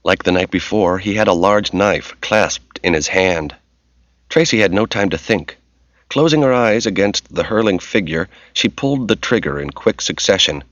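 A man giving steady, measured scripted narration of a novel, in a dull, lo-fi audiobook recording. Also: sits low, no room sound.

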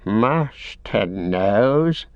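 A man voicing a wretched, cringing creature that whines and wheedles, stretching words slowly and leaping up high. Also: lively intonation, no echo, full character voice. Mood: pleading. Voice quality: whining, wheedling, breathy-far timbre. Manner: drawn-out slow words with sudden high jumps. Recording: dry, slightly dull audiobook recording.

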